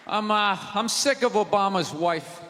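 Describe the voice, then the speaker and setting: A man doing a stand-up comedy routine on a theater stage, with a loud, profane, ranting delivery. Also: sits high, lively intonation, a little slow, background noise. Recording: live theater recording with long reverb and crowd laughter. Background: audience laughing and cheering.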